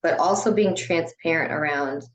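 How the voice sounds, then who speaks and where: A woman with a low-pitched voice talks casually as a podcast guest. She runs a dance studio and peppers her sentences with "you know" and "like" as she goes. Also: normal speed, poor audio. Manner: chatty, frequent "you know" and "like" fillers.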